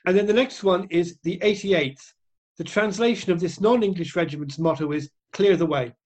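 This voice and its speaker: A man's voice: high-pitched, moderate pace, darkish tone. A man reading out quiz questions to friends in a dry, mock-serious way. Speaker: quiz master.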